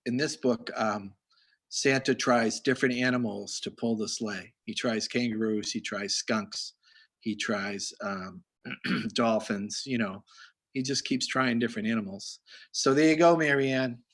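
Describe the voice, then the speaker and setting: A man's voice: medium pitch, measured pace, a bit bright. A man hosting a casual video call, telling rambling stories to kids with lots of restarts. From Massachusetts. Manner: rambling storyteller, restarts often. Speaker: host.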